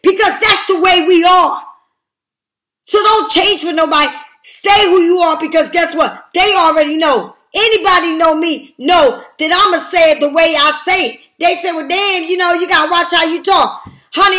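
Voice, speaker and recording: Blunt, cursing older woman, high voice. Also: pushed and bright. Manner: blunt, profane and emphatic. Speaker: tarot reader. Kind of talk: casual tarot reading monologue.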